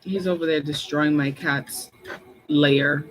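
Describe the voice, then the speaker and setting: A woman's voice: low voice, fairly even intonation, takes it slowly, low-quality recording. A woman hosting her channel, chatting casually to viewers in a rambling way, full of "like" and laughs. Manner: rambling, repeats "like", laughs often. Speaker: intuitive reader and channel host.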